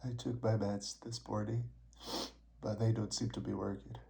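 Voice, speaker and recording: A man vlogging through an allergy sneezing fit, talking slowly and dropping into a whisper between sneezes. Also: fairly low pitch, flat delivery, creaky, mellow. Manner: slow, partly whispered talk between sneezes. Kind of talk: casual talk to camera.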